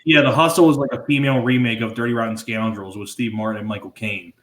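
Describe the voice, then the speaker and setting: A man's voice: mid-range voice, steady tone, quick pace, a bit bright. A man chatting casually about movies as a podcast co-host, rambling, repeating words and swearing now and then. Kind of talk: casual movie review chat. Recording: roomy echo.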